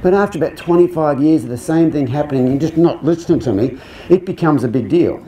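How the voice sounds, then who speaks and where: A man's voice: a little high, animated, quick pace, warm tone, slight background noise. A male horse trainer giving a live clinic talk, conversational and joking, often putting questions to the audience.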